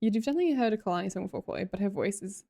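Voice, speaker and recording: A woman's voice: medium pitch, animated, racing, creaky, warm tone. A young Australian woman with an Australian accent chatting casually as a live streamer, giggly and self-mocking while she reads out viewer comments.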